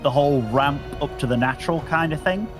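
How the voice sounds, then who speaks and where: A man's voice: fairly high pitch, fairly quick, over music. An English man commentating an esports match, chatty and casual with lots of fillers. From England. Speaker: esports caster. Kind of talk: play-by-play commentary.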